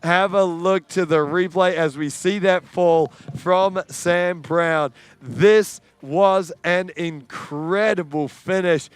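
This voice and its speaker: A man calling a live sports event, excitable and rising to shouts on the big moments. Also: sits high, slow, hardly any pauses, clear, resonant tone, dry recording. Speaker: sports commentator.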